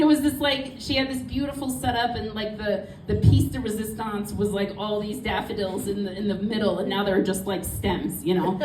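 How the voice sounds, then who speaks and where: Animated woman telling a story, roomy mic. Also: mid-range voice, background noise. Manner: animated, acts out quoted voices. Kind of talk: live personal storytelling. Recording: roomy sound from a distant mic.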